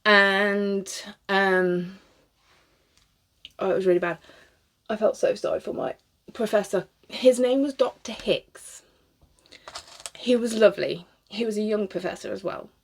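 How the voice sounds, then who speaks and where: A woman's voice: medium pitch, fairly even intonation, unhurried, pauses often. A British woman in her thirties chatting casually as she styles a wig, rambling, swearing freely and laughing often. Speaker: cosplayer. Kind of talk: casual chat while styling a wig.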